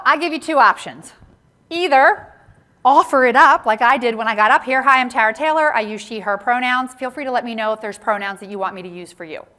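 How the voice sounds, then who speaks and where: A woman giving an interactive conference talk on workplace inclusion, animated and often checking in with the audience with a quick "right?". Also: fairly high pitch. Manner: animated, tags lines with "right?" to engage the audience. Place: conference session room.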